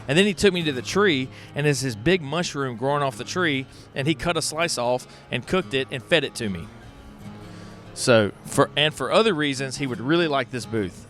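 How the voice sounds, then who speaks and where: A man hosting an unscripted festival walkthrough, excitable and folksy, talking straight to viewers on a handheld mic. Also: medium pitch, brisk, faint music behind. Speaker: host walking a pottery festival. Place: outdoor festival grounds. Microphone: handheld microphone.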